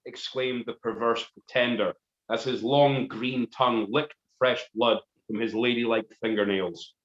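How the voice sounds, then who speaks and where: A man's voice: medium pitch, fairly even intonation, a little slow, fairly bright tone. A man narrates a comic tale with mock-dramatic flair. His voice sits mid-range for a man. The sound is roomy and dull, like a home live stream. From Scotland. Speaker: musician reading a story on a live stream. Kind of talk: comic storytelling.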